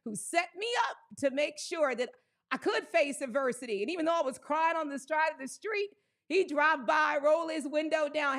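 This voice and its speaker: A woman hosting a live stream, exuberantly greeting viewers by name with whoops, laughs and shouted shout-outs. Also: high-pitched, lively intonation, moderate pace. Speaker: livestream host.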